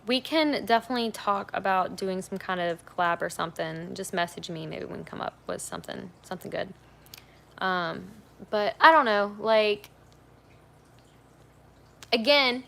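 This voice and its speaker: A woman's voice: mid-range voice, animated, normal speed, creaky, fairly bright tone. A young woman hosting a casual livestream from her couch at home on her phone, talking frankly with lots of fillers. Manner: chatty, frank, rambling with fillers. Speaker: livestream host.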